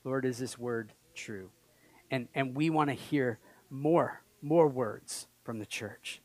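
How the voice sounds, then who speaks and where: A pastor giving a sermon in a casual, conversational way, acting out little dialogues and moving between quiet reflection and loud enthusiasm. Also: male voice, mid-range voice, slow pace, no room sound. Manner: conversational, acts out quoted dialogue, swings between soft and loud.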